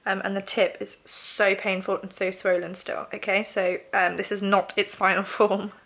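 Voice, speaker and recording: A woman's voice: medium pitch, little pitch movement, normal speed, vocal fry, fairly bright tone. A young woman talking casually in a video diary, nasal and congested, chatty and emotional. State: congested, nasal after surgery. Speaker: vlogger.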